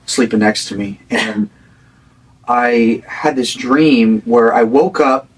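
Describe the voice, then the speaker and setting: A man's voice: mid-range voice, slow pace, creaky, husky, distant mic, poor audio. Man telling a story, set back from the mic. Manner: animated, acts out quoted voices, swears. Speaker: interview guest, rock band frontman. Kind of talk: storytelling in casual conversation.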